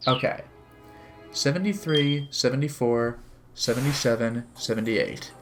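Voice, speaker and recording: A man's voice: medium pitch, measured pace, faint music behind. A man playing a visual novel on stream, chatting casually and reading its narration and dialogue aloud with light character voices. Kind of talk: casual game commentary with read-aloud narration.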